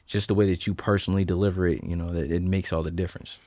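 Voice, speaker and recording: A young man from Delaware with a slight Southern drawl, answering interview questions in a relaxed, easygoing way. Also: low voice, rapid-fire, dry recording. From Delaware, USA. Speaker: musician guest.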